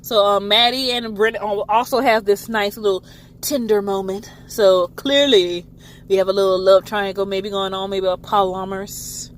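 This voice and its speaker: A woman's voice: mid-range voice, moderate pace, a little hiss or hum. Chatty woman recapping a show. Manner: chatty, animated, swears freely. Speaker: TV show reviewer. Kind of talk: casual recap.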